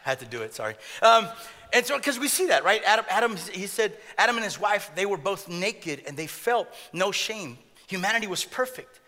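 A man's voice: sits high, sing-song, brisk, sharp tone, long reverb tail. A man preaching a sermon in a joking way, often repeating words and laughing at his own jokes. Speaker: pastor.

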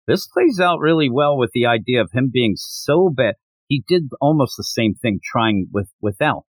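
Man, casual podcast chat, lively pitch swings, dry close sound, playful character voices. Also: husky, no echo. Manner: acts out character lines in quick put-on voices. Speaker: podcast co-host.

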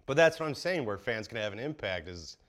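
Low-voiced man telling animated stories. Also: fairly quick. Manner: animated, swears, jumps into high-pitched acted quotes. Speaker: podcast guest, baseball player. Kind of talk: casual storytelling chat.

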